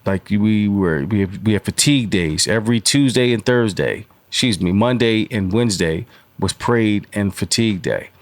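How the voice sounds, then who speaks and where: This podcast guest, a man in his forties, rambles through his stories with plenty of fillers in a casual interview. His voice is fairly low, his speed normal, and there's no echo.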